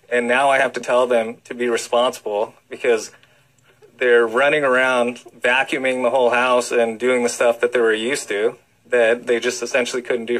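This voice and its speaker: A man explains things with eager energy as a radio guest. His speech is loose and full of filler words. The pitch sits in an ordinary middle range for a man. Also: fairly bright tone, poor audio. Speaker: cardiologist guest. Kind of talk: radio interview.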